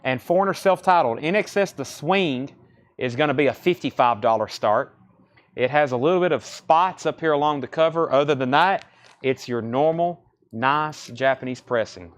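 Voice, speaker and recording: A man selling records on a live stream from a record store, briskly repeating titles, condition grades and prices. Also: mid-range voice. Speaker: record store livestream seller. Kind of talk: live sales patter.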